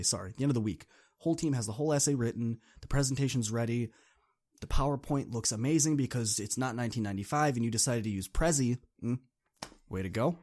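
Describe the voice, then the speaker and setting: A man's voice: medium pitch, darkish tone. Brief: male podcast host, casual chatty second-person storytelling.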